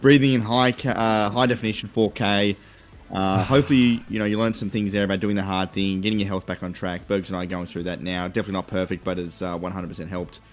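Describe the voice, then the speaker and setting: A man, co-hosting a podcast in a quick, laid-back casual chat. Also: low-pitched, fairly even intonation, faint music behind. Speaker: podcast co-host.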